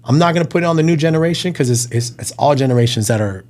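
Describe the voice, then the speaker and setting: A man's voice: on the high side, racing. A man in his thirties, a restaurant owner, chatting casually as a podcast guest and acting out little phone conversations. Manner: relaxed, acts out little phone conversations in quotes. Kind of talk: casual chat.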